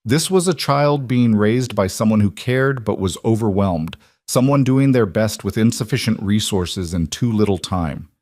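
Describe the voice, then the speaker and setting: Male narrator, low voice, measured, dry close recording. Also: lively intonation, a little mellow, no room sound. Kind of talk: scripted narration.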